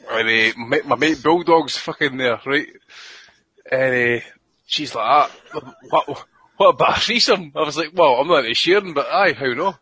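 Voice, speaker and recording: A Scottish man rattles off a crude tale with constant swearing, breaking into laughter as he goes. His voice is bright and edgy with a husky grain. It sounds close and dry. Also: mid-range voice, dry recording, poor audio. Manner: profane, rambling, laughs through his stories. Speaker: podcast co-host. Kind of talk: crude storytelling in casual chat.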